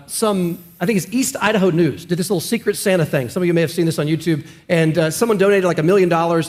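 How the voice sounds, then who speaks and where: A man's voice: on the high side, a little mellow. A man, a pastor, telling stories and preaching in an earnest, emphatic way during a team sermon discussion.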